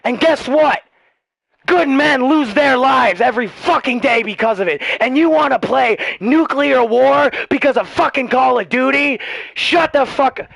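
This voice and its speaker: A man with a very high, gravelly voice rants and swears at another player in game voice chat. He talks into a headset mic, and the sound is close and dry. His delivery is heated and often breaks into shouting. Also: unhurried, no echo. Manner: ranting, profane, shouting. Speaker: gaming streamer, military veteran. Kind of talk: heated voice-chat argument while gaming.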